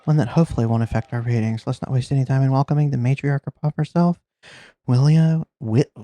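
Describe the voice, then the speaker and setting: A man's voice: mid-range voice, fast, warm tone, dry recording, lightly acted. A man doing Clive, a smarmy TV talk show host. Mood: showy. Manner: showy, smarmy announcer patter.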